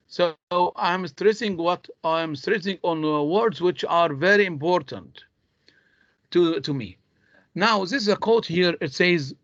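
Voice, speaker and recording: A man's voice: a little high, measured pace, a bit bright, dry recording. A man teaching English in an online class. He speaks, his tongue is Arabic, and he explains patiently, step by step. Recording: dull lo-fi online call audio.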